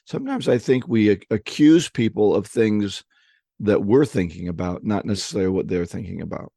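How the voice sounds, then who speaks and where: Low-voiced man telling sales stories. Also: moderate pace, vocal fry, warm tone, dry recording, studio quality. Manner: storytelling, acts out voices in anecdotes; frequent restarts and repeated words. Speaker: podcast co-host. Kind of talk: casual conversation on selling.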